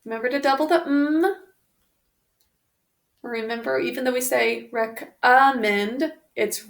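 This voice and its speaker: A woman's voice: on the high side, fairly even intonation, measured pace, pauses often, a bit bright. A woman teaching a spelling lesson on video, patiently sounding out words one sound at a time. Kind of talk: slow, careful spelling lesson. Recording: roomy echo.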